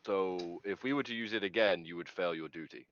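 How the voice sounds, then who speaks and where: A man's voice: low voice, a little fast, fairly bright tone. A man playing a tabletop game, reasoning aloud and questioning the game master over dull, lo-fi call audio. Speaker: player. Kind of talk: tabletop role-play chat.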